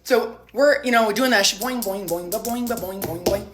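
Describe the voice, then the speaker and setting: A young woman in her twenties tells a casual storytime to camera. Her voice sits at a middle pitch and stays animated, and she slips into exaggerated voices whenever she quotes someone. Faint music plays underneath. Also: moderate pace. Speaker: social media storyteller. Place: home in Denver.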